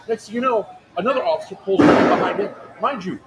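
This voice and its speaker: A man telling a story in casual chat on a livestream, animated and profane, acting out other people's lines. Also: high-pitched, quick pace, heavy background noise. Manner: animated, profane, acts out quotes in a raised voice. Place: outdoor airsoft event.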